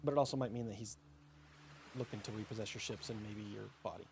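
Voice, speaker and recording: A man running a tabletop game as game master, narrating in a relaxed, descriptive way. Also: on the low side, quick pace, vocal fry. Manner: relaxed, descriptive, many fillers.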